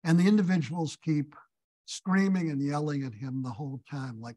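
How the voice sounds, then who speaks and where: A man giving a lecture as a visiting scholar, telling stories and leading an audience discussion with thoughtful pauses. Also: a little high, mellow, low-quality recording. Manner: storytelling, thoughtful, hesitant fillers. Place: synagogue hall.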